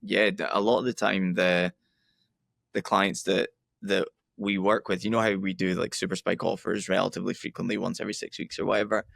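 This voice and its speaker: A man speaking as a podcast guest, explaining things in a steady way with fillers. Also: sits low, a little fast, vocal fry, dry recording, clean studio sound. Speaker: podcast guest, ads agency owner. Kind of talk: casual interview talk.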